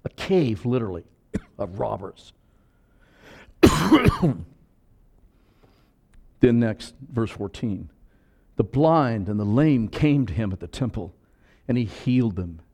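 Animated man preaching a sermon. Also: medium pitch, slow, pauses often. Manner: animated preaching with sudden loud and soft swings and joking asides. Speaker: pastor.

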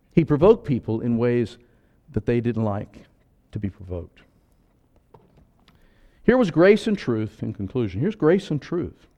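A man preaching a sermon as pastor, animated and acting out voices, moving between loud and soft. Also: medium pitch, unhurried, long pauses.

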